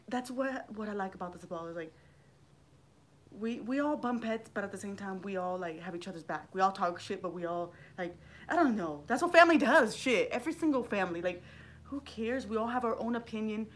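A middle-aged woman rambling casually on a livestream vlog, swearing freely and greeting viewers by name. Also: medium pitch. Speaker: livestream vlogger.

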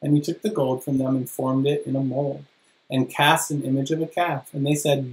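A pastor preaching a sermon and reading scripture, with dramatic emphasis and slow, stressed phrases. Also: medium pitch, level tone, echoey room, rough recording. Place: church.

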